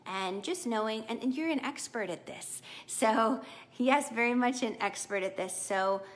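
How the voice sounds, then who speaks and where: A woman's voice: on the high side, measured pace. A middle-aged woman giving a casual live tarot reading to viewers, chatty and encouraging. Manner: warm, chatty, encouraging, animated with laughs. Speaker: tarot reader.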